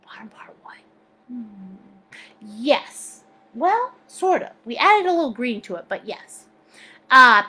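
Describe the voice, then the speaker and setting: Very high, bright-voiced bubbly woman. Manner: bubbly, laughs often, calls people sweetie and honey. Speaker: art teacher hosting a live paint class. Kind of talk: live-stream chat, reading viewer comments aloud.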